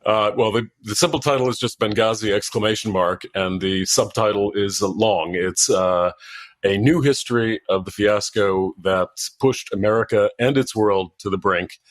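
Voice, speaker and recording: A man giving halting interview answers as an author and former diplomat, full of fillers and restarts. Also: fairly low pitch, no room sound. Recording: dry sound, breaking up at times.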